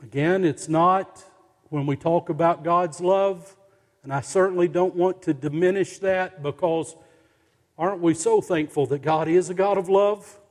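A man preaching a sermon as pastor, slow and emphatic, with dramatic pauses and rising stresses on key words. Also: high voice, long reverb tail. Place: church sanctuary.

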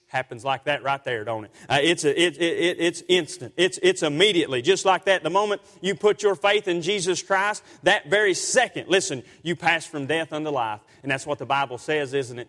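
Male preacher, sermon delivery with rhetorical tag questions, slightly high voice, church echo. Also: fairly bright tone. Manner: repeats words, stammers, asks rhetorical tag questions; preaches in King James Bible wording. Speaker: pastor. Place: church sanctuary. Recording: long church hall reverb.

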